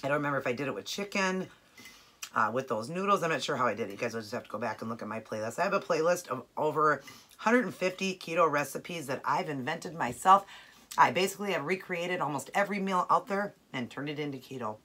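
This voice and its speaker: Chatty woman with a bright, husky voice. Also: low-pitched, animated, quick pace. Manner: chatty, enthusiastic, tasting food as she talks. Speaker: keto cooking vlogger. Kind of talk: casual cooking chat to camera.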